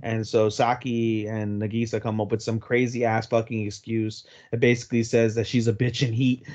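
A young man co-hosting a podcast, casually recapping an episode in a crude, profanity-heavy way and slipping into quick voices for the characters. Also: on the low side, level tone, a little mellow, dull audio. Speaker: podcast co-host.

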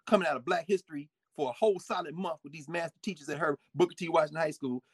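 A man giving a lively history lecture with folksy asides, swinging his volume up and down. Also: fairly high pitch, fast, slightly rough, no room sound. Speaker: history teacher. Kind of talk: lively history lecture with read-aloud quotes.

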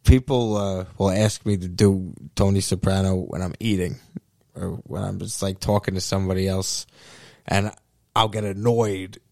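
A man's voice: deep voice, flat delivery, moderate pace, creaky, darkish tone, dry recording. A young man, a podcast guest chatting casually, swearing often and restarting his sentences. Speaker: podcast guest, comedian and impressionist. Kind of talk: casual chat.

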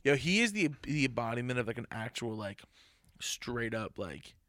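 A man's voice: mid-range voice, normal speed, no echo, studio quality. A man hosting a podcast, tipsy and loose, chatting casually late at night. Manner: relaxed, says he is drunk and delirious. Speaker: podcast host.

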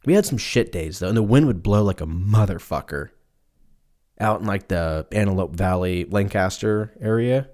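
A young man in his twenties with a fairly low voice hosts his own podcast alone. He rambles from topic to topic, cracks jokes and swears casually. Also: lively intonation, normal speed, darkish tone. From Southern California. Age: 20s. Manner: rambling, joking, swears freely. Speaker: podcast host. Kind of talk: casual solo podcast chat.

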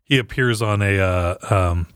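A man's voice: lowish voice, normal speed, fairly bright tone, clean tone, no room sound, clean studio sound. A man hosting a casual podcast, moving from a scripted intro into easygoing conversation. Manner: reads a scripted intro, then chats casually. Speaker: podcast host.

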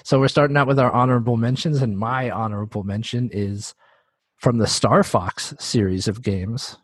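A man co-hosting a gaming podcast in an easy, joking chat. His voice sits in a middle register with a slightly husky, breathy edge. The sound is close and dry, with almost no room. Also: medium pitch, steady tone, normal speed, no echo. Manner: laughing, jokey, slips into mock voices for quotes. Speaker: podcast co-host. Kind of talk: casual chat about video games.

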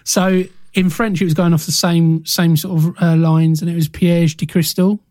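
A man co-hosting a casual film podcast, reading out trivia in a relaxed way with small restarts. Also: fairly high pitch, moderate pace, no room sound. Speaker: podcast co-host.

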